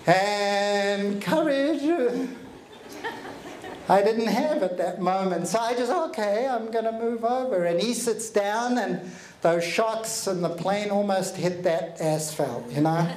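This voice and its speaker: A man giving an energetic, animated motivational talk, telling stories and joking with a live audience in a hall. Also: high-pitched, takes it slowly, a little hiss or hum. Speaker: motivational speaker. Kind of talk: keynote storytelling to a live audience. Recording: echoey hall with faint ambience.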